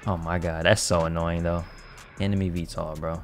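A man commentating his own online shooter matches in casual slang, excitable, trash-talking other players and bursting into shouts. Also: low voice, normal speed, soft background music. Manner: casual slang-heavy banter. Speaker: gaming YouTuber. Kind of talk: live gameplay commentary.

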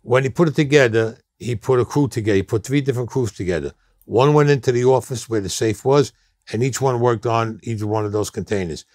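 A man tells a long story in a blunt, streetwise way at a middling pitch. The sound is dry and close. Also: fairly quick, a little mellow, dry recording. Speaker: interview guest. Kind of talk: storytelling interview.

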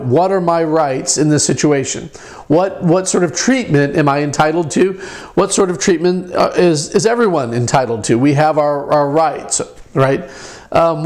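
A middle-aged man giving an informal lecture, halting, with many fillers and restarts. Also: on the high side, darkish tone.

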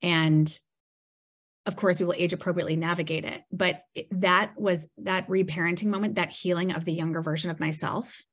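Woman guest, lower register, chatty storyteller who keeps saying "like" and mimics what people said. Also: fairly quick. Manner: animated storyteller who acts out quoted dialogue and leans on "like". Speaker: podcast guest. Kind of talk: casual storytelling interview.

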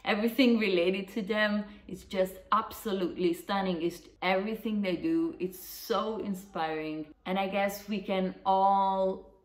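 A woman's voice: medium pitch, steady tone, measured pace. A woman vlogger chatting casually and rambling, swearing now and then. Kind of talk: casual vlog chat. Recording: roomy echo.

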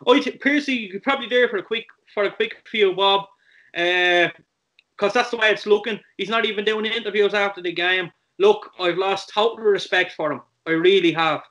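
A man's voice: high voice, a little fast, a bit bright. A man with an Irish accent co-hosting a football vlog, passionate and fuming, repeating himself. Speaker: vlog co-host. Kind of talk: casual football chat.

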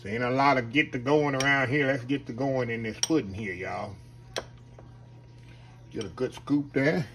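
A man's voice: mid-range voice, moderate pace, pauses often, noisy background. A man hosting a casual home cooking vlog, folksy and chatty, often calling out to viewers as y'all. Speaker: home cooking channel host.

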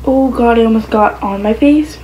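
A woman chatting casually to the camera as a vlogger, her voice sitting a little on the high side. She rambles, backtracks and fills gaps with "like" and "um". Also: moderate pace, warm tone, a little hiss or hum, rough recording. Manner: rambling, with many fillers like "like" and "um".

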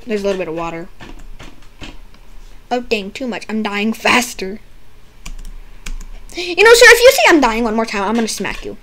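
A young woman with a fairly high voice jokes her way through a game roleplay as a doctor. She is silly and teasing and breaks into sudden loud outbursts. A faint hiss of noise sits under her voice. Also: big pitch swings, fairly quick, pauses often. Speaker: roleplay gamer playing a doctor. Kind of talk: playful game roleplay banter.

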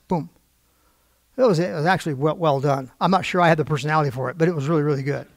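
A man's voice: on the high side, racing, dry recording, clean studio sound. An older man preaching in a storytelling style, acting out quoted voices with wry asides.

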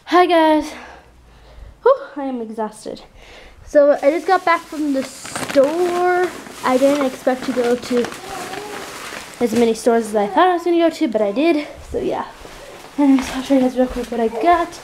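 Young mom vlogger, high-pitched, casual filler-heavy chat, handheld camera at home. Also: female voice, lively intonation, measured pace, darkish tone, slight background noise. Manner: chatty, filler-heavy with lots of "like". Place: at home in an apartment, indoors. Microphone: handheld point-and-shoot camera.

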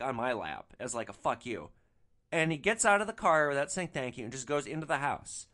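A man hosting a podcast, telling profane stories in a lively storytelling manner. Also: medium pitch. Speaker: podcast host.

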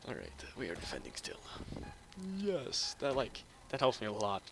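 Excitable gravelly young gamer guy. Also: lowish voice, normal speed. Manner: excitable, laughing, swearing and trash-talking. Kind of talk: casual gameplay commentary. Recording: noisy game audio behind. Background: game sound effects.

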